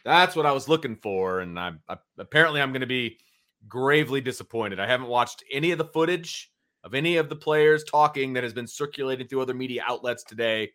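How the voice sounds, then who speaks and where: Man, podcast co-host, casual chat, laid-back and joking, mid pitch. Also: fairly quick, a bit bright.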